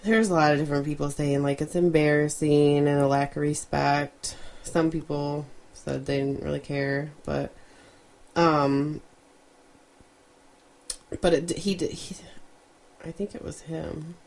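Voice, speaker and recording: A woman with a notably low voice co-hosts a casual podcast. She relays news stories in an easygoing way, filling pauses with ums and dropping in offhand asides. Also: creaky. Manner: relaxed, reads news with fillers and asides. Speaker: podcast co-host. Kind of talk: casual chat, reading news items.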